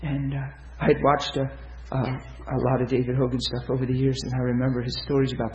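A man preaching, telling stories to his listeners, swinging from loud excitement to hushed tenderness. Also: mid-range voice, fast talker, reverberant, dull audio. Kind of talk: sermon storytelling.

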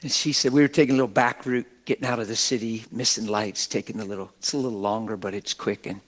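A man's voice: on the low side, fairly even intonation, fast, few pauses. A middle-aged man preaching a sermon as a pastor, exuberant and folksy, breaking into laughter.

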